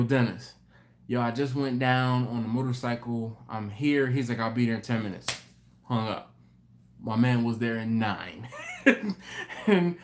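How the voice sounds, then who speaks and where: Man, live-stream host, casual chat, animated storytelling, frequent restarts. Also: medium pitch, slight background noise.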